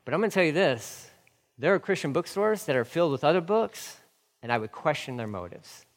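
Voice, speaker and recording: Pastor guy preaching, gets fired up, says stuff twice, lotta questions, kinda high voice, big echoey church. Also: sing-song, fairly quick. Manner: fired-up, repeats phrases, rhetorical questions. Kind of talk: sermon.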